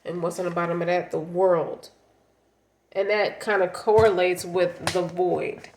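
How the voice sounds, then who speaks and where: Woman, tarot reader, blunt and profane, somewhat low voice, echoey room. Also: fairly even intonation, measured pace, darkish tone, a little hiss or hum. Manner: blunt, profane, speaks as the client's partner. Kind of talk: casual tarot reading.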